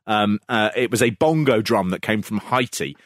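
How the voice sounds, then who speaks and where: A man's voice: fairly low pitch, normal speed, no room sound, clean studio sound. A man co-hosting a podcast in casual comedic chat, rambling and self-deprecating with frequent fillers and restarts. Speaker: podcast co-host.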